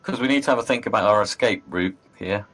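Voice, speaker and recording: A man's voice: lowish voice, fast talker, fairly bright tone. A man playing in a tabletop game, making short, wry remarks. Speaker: player. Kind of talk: casual chat in a tabletop game.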